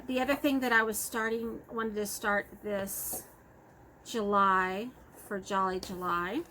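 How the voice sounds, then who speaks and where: A woman's voice: a little high, sharp tone, slight background noise, poor audio. A woman with a Texas accent chatting casually about her cross-stitch projects, rambling and correcting herself as she goes. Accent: Texan. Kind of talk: casual show-and-tell chat.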